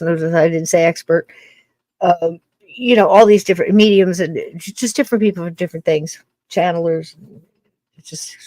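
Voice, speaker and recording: A woman's voice: fairly low pitch, darkish tone, no echo. An older woman hosting a podcast, musing in a casual, rambling monologue full of restarts. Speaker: podcast host.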